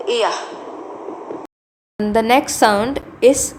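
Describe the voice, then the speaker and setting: A woman with an Indian English accent teaching pronunciation, saying example words slowly and repeating them, with many fillers. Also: fairly high pitch, noisy background. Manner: slow, deliberate, repeats each word, many fillers. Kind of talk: slow phonetics lesson with example words.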